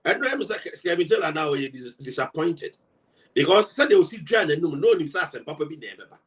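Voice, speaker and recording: Fired-up Ghanaian man, high and lively. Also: a little fast, distant mic. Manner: emphatic, mixes Twi and English, rhetorical questions. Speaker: political party member. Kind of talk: heated political rebuttal.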